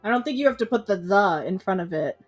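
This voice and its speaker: A woman's voice: medium pitch, expressive, quick pace, soft background music. A woman co-hosting a livestream, teasing and giggly in casual chat. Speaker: livestream co-host.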